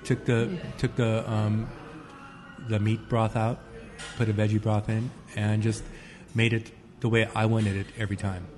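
A man's voice: fairly low pitch, little pitch movement, measured pace, music in the background. A man who runs a restaurant, chatting casually and easily about his menu. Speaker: restaurant owner. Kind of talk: casual chat. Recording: long reverb with crowd noise.

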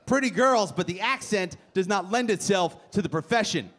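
Working a comedy club crowd, a brash stand-up teases the audience with punchlines in a high, animated, somewhat bright voice at normal speed. Laughter and crowd noise fill this live recording.

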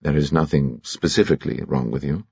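A man voicing a brisk, commanding society doctor. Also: rumbling low, vocal fry, darkish tone, slightly rough, no room sound, dull audio, exaggerated voice. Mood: firm.

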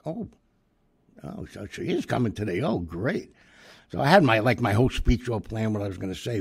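Gravelly older man telling a story. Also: on the low side, dry recording. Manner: rambling, lively re-enacted dialogue. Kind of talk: casual anecdote telling.

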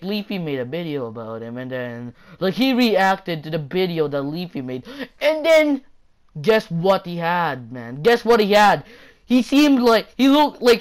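A woman ranting in a casual vlog, rambling and exasperated, packed with fillers and repetition. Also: lowish voice. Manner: exasperated, mocking. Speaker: YouTuber.

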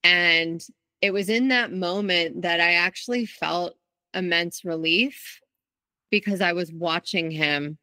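Woman, low pitch, dry close sound, unhurried, reflective interview guest. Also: pushed and bright, no echo. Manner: candid, reflective, with restarts. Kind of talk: interview, personal account.

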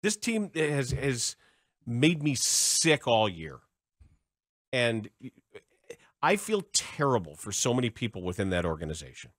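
A man's voice: mid-range voice, wildly swooping pitch, measured pace, a bit bright, no echo. A man co-hosting a sports talk radio show in a studio, sardonic and impassioned.

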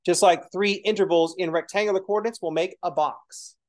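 A man's voice: sits high, fairly even intonation, a little fast. A man teaching a math lesson in a casual lecture style, explaining as he writes and slipping in joking, self-deprecating asides. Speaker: math instructor.

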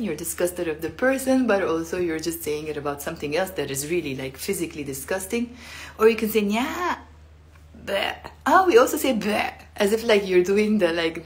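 Chatty woman teaching with laughs. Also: fairly low pitch. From Lebanon. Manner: chatty, laughs often, acts out sounds. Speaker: Arabic teacher. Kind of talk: casual live-stream lesson.

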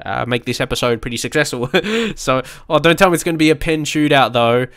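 Excitable male gamer, smooth voice, dry close-mic sound, lively let's play commentary. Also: on the high side, brisk, dry recording. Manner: excitable, shouting at the screen and swearing. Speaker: gaming YouTuber.

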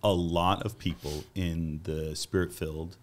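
A man hosting a casual interview, earnest and enthusiastic, quoting others with lively voices. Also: low-pitched, a little slow. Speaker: podcast host.

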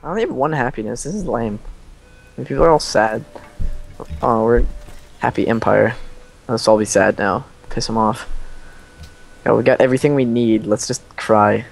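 A man's voice: mid-range voice, normal speed, gravelly, long pauses, a little hiss or hum. A young man hosting a multiplayer strategy game session, rambling and joking in casual banter. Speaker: let's play host.

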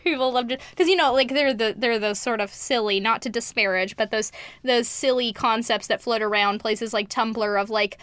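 A woman co-hosting a podcast in casual chat, enthusiastic and quick to laugh. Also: a little high, fairly bright tone, clear, resonant tone, no echo. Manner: enthusiastic, laughs often, fast bursts. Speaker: podcast co-host.

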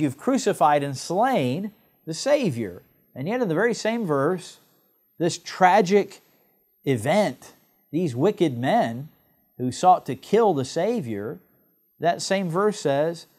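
A man from England preaching a sermon to other pastors, with emphatic stresses and slow, drawn-out phrases. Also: fairly high pitch, darkish tone.

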